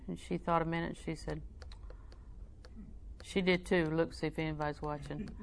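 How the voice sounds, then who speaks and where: Her voice is low and gravelly, with little pitch movement, normal speed, and long pauses. She preaches a folksy sermon full of humorous personal stories, told conversationally, moving between soft asides and loud, emphatic preaching.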